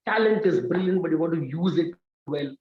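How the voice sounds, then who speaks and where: Fast, high-pitched Indian man lecturing. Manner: energetic, repetitive, story-driven, addresses audience as guys. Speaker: admissions mentor and lecturer. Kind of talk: online coaching talk with storytelling. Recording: echoey, dull webinar audio.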